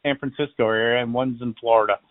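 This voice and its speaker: Speaking fast in a mid-range voice, this balloon artist and magician from Florida swaps stories in a casual interview, animatedly acting out the voices. The line sounds tinny, with no echo.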